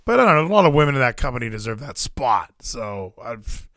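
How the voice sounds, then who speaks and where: A man co-hosting a casual wrestling chat, animated and jokey, swearing freely. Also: mid-range voice, fairly quick, dry recording, studio quality. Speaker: podcast co-host.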